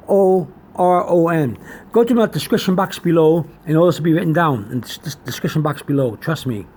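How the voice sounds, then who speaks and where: Male teacher, high voice, halting delivery, spells words aloud, says okay a lot. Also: darkish tone, slight background noise. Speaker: channel host teaching chemistry and medical terms. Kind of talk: informal whiteboard lesson.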